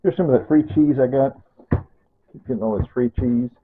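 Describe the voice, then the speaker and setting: A man's voice: mid-range voice, fairly quick, breathy edge. A man chatting casually about his home cooking, rambling, repeating himself and correcting himself as he goes. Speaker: cooking vlogger. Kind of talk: rambling casual kitchen talk. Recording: tinny phone-like audio.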